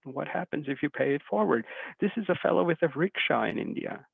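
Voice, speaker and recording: A man giving a talk, telling a story in an animated way and acting out the people he quotes. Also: on the high side, a little fast, vocal fry, husky, dry recording. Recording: tinny phone-like sound, dry.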